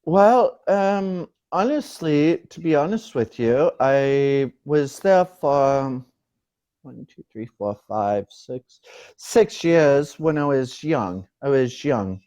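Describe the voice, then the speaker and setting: An older man born in the UK, a guest on an interview show, talks in an unhurried, joking way. He stops and restarts often, and his voice sits slightly high for a man. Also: expressive, dark tone. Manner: joking, slow and halting.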